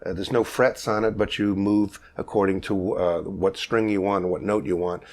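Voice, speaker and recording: An older man with a fairly low voice leads a vocal jazz masterclass. He explains at an easy pace, pausing on fillers, then breaks into sung bass syllables to show each technique. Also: fairly even intonation, a little mellow. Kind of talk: masterclass lesson with sung demonstrations.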